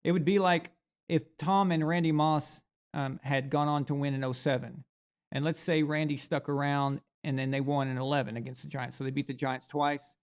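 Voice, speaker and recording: A man's voice: on the high side, steady tone, normal speed, clear, resonant tone. A man hosting a live sports reaction stream, talking casually and animatedly. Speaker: sports show host.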